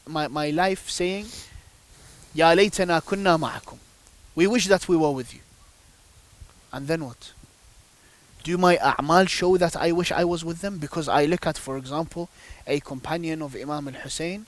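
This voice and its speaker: A man speaking as a guest on a religious panel, telling devotional stories emphatically with rhetorical questions. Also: fairly high pitch. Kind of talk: religious discussion, storytelling.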